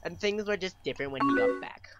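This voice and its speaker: Loud music plays behind a young man with a high voice who talks fast, giving playful, profanity-laced commentary as he plays a game. He reads out chat messages and hams up his reactions with mock drama, and heavy keyboard clatter can be heard too.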